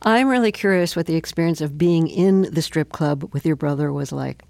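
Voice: mid-range voice, normal speed, creaky, a little mellow, no room sound. Curious interviewer, dry close sound. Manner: curious, lays out career background. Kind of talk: interview questions.

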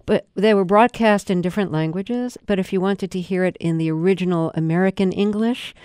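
A woman's voice: mid-range voice, fairly quick, darkish tone, clear, resonant tone, no room sound, studio quality. A woman radio interviewer asking long, thoughtful questions. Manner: thoughtful questions with fillers and restarts.

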